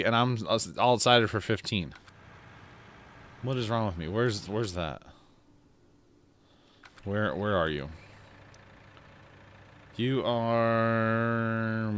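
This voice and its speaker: A man's voice: mid-range voice, fairly bright tone, smooth. A man casually commenting on his own farming game, rambling and mocking his own slips, sleepy after a big lunch. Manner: rambling, self-mocking, yawning. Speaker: let's play host.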